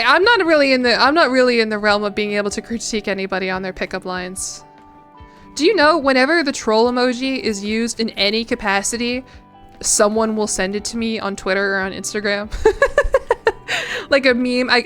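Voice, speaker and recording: A woman's voice: a little high, a bit bright. A young woman streamer chatting casually while playing a game, rambling and self-deprecating with frequent giggles. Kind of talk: casual chat while gaming.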